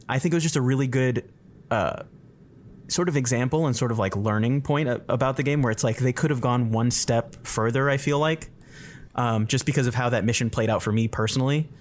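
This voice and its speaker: A man in a casual conversation, talking thoughtfully and hedging his points. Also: mid-range voice. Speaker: guest. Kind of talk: casual chat.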